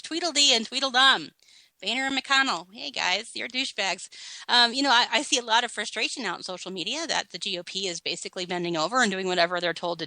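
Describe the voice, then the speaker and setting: A woman's voice: mid-range voice, pushed and bright, no room sound, poor audio. A woman hosting a political talk show, delivering blunt, sarcastic commentary with a countdown list. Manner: sarcastic, blunt, laughing at her own list.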